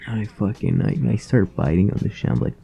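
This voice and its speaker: A young man talks in a deep, husky, slightly raspy voice, tired and loose. He rambles through a casual vlog story full of slang and swearing. The sound is dull and lo-fi, like a cheap home mic. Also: brisk. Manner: profane, slangy, laid-back. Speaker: vlogger.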